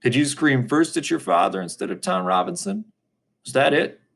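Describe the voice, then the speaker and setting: A man as a calm, probing defense lawyer. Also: a little high, gravelly, voice pushed up, exaggerated voice. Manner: measured, probing questions. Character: calm, methodical middle-aged male lawyer.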